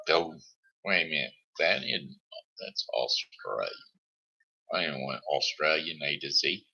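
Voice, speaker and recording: Slow, gravelly-voiced man hosting a live stream. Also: very deep voice, expressive, sharp tone. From Missouri, United States. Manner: rambling, self-deprecating. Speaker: host of a live show. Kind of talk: casual live-stream chat. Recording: dull lo-fi stream audio.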